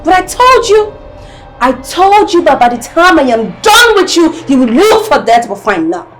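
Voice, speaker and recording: A Nigerian woman playing a cruel, scheming young wife who taunts her victims in a drawn-out, mocking way. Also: high voice, very animated, over music. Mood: gloating. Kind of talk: Nollywood film acting.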